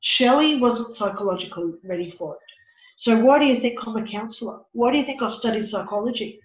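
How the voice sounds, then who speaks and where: Woman medium and counsellor, higher pitch, animated, recorded in a roomy space. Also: a little fast. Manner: animated, dramatic storytelling. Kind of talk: storytelling in an interview. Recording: echoey, dull lo-fi room.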